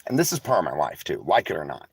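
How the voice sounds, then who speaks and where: Fast and sing-song, a slightly rough bass voice comes through with no room sound. The man, a vlogger in a vehicle, is tired and emotional, rambling candidly to viewers as he reads the live chat in casual, sarcastic talk with free swearing.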